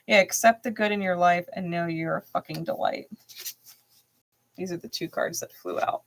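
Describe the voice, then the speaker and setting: A woman's voice: lowish voice, moderate pace, slight background noise. A woman hosting a live tarot reading who swears bluntly, laughs often and repeats phrases for emphasis. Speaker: tarot reader and channel host.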